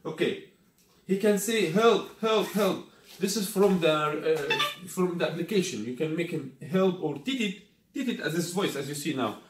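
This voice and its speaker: A male product reviewer, his voice on the high side and animated at a moderate pace, casually unboxes and demonstrates a scooter. His first language is Arabic; in non-native English he repeatedly asks "you got me?". Echo and faint noise fill the room.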